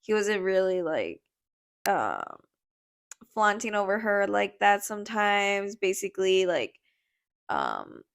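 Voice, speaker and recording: A woman's voice: mid-range voice, huge pitch swings, slow pace, vocal fry, pauses often, a little hiss or hum. A young woman co-hosting a podcast in casual chat, laughing often and swearing while she rambles. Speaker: podcast co-host.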